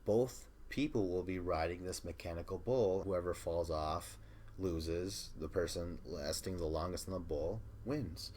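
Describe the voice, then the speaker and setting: A man's voice: sits low, a little slow, darkish tone, a little hiss or hum. A man hosting a podcast, chatting casually through a recap, often laughing and retelling scenes with quoted lines. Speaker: podcast host.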